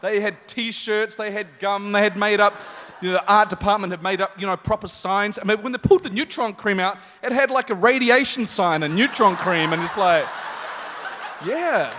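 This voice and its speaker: A New Zealand actor, a guest on a convention panel, tells anecdotes live to an audience in an animated style, acting out voices. His voice is on the higher side and his pace brisk, recorded in a large, echoey convention hall with faint noise.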